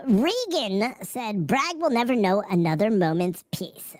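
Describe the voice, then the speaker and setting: A woman's voice: medium pitch, lively intonation, a little mellow, no echo. Brash, foul-mouthed woman streamer. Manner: brash and profane, quick to laugh. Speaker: live streamer. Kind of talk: casual live stream, reading chat aloud. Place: outdoors on a city street.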